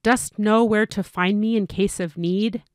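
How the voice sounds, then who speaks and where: A woman's voice: medium pitch, fairly even intonation, a little slow, no echo, clean studio sound, lightly acted. A woman voicing a kindly male traveler in old-fashioned speech, in a storybook reading. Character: friendly traveling male minstrel.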